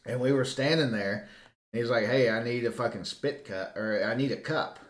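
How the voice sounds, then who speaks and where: A man's voice: mid-range voice, normal speed, echoey room. A man with a Southern US accent, co-hosting a drunken podcast chat, telling stories and teasing with a lot of swearing. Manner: storytelling, heavy swearing, teasing. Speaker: podcast co-host.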